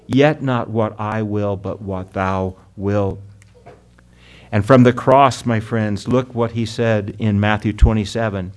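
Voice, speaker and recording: A man's voice: lowish voice, steady tone. Earnest male preacher with swelling emphasis. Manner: earnest preaching, drops loud then soft for emphasis, slows on scripture; addresses the congregation as "my friends" and "beloved". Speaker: pastor. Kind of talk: sermon.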